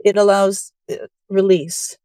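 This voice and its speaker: A woman sharing in an online group session. She speaks warmly and reflectively, full of thanks. Her voice is at a middle pitch and sounds dry. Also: level tone, takes it slowly, dry recording. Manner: warm, grateful, reflective. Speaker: group participant.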